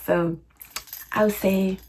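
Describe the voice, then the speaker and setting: A woman's voice: medium pitch, fairly even intonation, slow pace, darkish tone, breathy edge. A young woman vlogger answering viewer questions in a chatty, slangy, laughing style. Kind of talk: casual Q&A chat.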